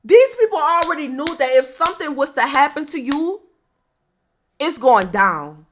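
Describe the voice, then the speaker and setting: A woman's voice: sits high, lively intonation, a little fast, a little hiss or hum. A woman giving an emphatic, repetitive spiritual monologue straight to her viewers, often calling them y'all. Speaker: spiritual video host.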